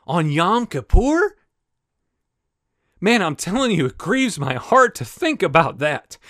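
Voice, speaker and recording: Man, preacher, impassioned sermon, high-pitched, emphatic, fervent. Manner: fervent, emphatic, swinging between urgent and hushed.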